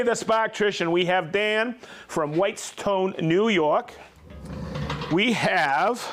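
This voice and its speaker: A man's voice: sits high, expressive, moderate pace, fairly bright tone, slight background noise. A man hosting a live tool show, chatty and informal, demonstrating gear and reading out viewers' names and hometowns. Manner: informal, with restarts and asides. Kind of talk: live product demo and viewer shout-outs.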